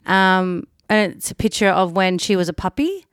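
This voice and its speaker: A woman co-hosting a podcast from home, chatting and teasing in a playful, giggly way and sliding into squeaky high voices for a laugh. Her voice is mid-pitched and sounds close and dry, with no room around it. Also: lively intonation, normal speed, clean tone, no room sound. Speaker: podcast co-host. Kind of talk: casual banter. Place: home, with dogs nearby.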